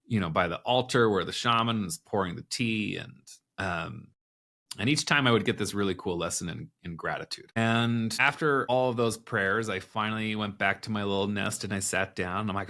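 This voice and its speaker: A man's voice: lowish voice, moderate pace. Man telling a candid personal story. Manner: candid, animated retelling with quoted inner dialogue. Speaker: podcast guest.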